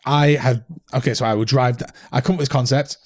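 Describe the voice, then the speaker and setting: A man talks as a podcast guest, rattling through his stories at a rapid clip. His delivery is loose and animated, and it is laced with swearing. His voice sits at an everyday middle pitch. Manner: fast, swearing, animated storytelling. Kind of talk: casual interview chat.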